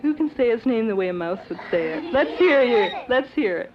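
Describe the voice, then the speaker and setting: A woman hosting a children's program, coaxing kids through a sing-song name game in a slow, encouraging way. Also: on the high side, expressive. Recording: dull old 16mm film soundtrack with loud music.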